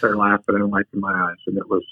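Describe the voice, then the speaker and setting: A man, a podcast guest, telling personal stories in a humorous, unhurried, casual way. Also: on the low side, little pitch movement, dry recording. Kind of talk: casual storytelling. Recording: dry, tinny phone-like line.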